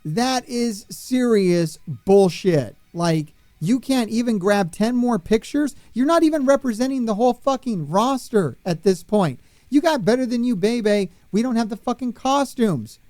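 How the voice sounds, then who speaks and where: A man's gameplay commentary, delivered high in pitch with a dry, close sound and no room around it. He rants and swears in exasperation, turning sarcastic and incredulous. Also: lively intonation, moderate pace, hardly any pauses, a little mellow, no echo, soft background music. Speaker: gaming streamer.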